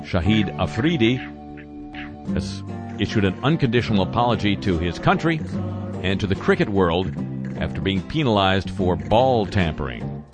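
Man, very low voice, deadpan satirical news host, wry asides, music playing underneath. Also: normal speed.

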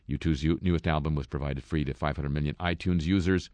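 A man's voice: very deep voice, steady tone, quick pace, few pauses, darkish tone, dry recording. A man hosting a satirical news segment, reading stories and tossing in wry, sarcastic asides. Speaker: comedy news host.

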